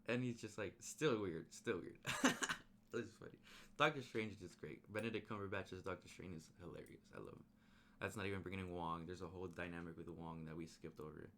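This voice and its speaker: Casual male movie reviewer, very low voice, chatty rambling recap, slangy delivery. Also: brisk, a little hiss or hum. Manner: rambling, animated retelling with slang and restarts.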